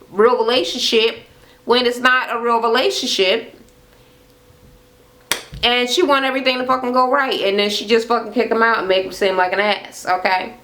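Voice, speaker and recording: Woman vlogger, casual profane recap, acts out quotes, slightly high voice. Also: a bit bright, poor audio.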